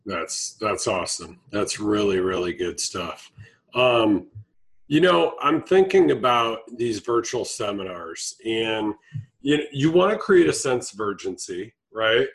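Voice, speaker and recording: A man's voice: fairly low pitch, animated, unhurried, creaky, poor audio. Casual man asking rambling questions. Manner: casual, hesitant, filler-heavy questioning. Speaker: interview host. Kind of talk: casual interview chat.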